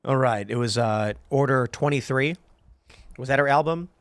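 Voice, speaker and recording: The host of a political panel show tells stories animatedly, mimicking the voices of those he quotes as he goes. His mid-range voice is clear and resonant at a moderate pace, in clean studio audio with no echo.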